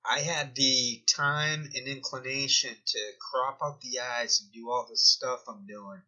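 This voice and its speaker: Slow, bright-toned rambling man. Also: mid-range voice, fairly even intonation. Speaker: video commentator. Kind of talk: rambling screen-recording commentary. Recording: dull lo-fi recording.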